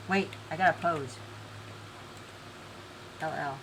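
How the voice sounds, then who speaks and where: A woman's voice: lowish voice, lively intonation, brisk, pauses often, noisy background. A woman live-streaming an online game event, chatty and giggly, reading game text aloud.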